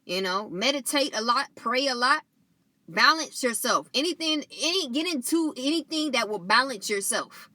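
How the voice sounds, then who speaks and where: A woman's voice: sits high, animated, normal speed, pushed and bright, no echo. A woman talking casually and spiritually to her viewers, saying "you know" often and restarting her sentences. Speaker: channel host.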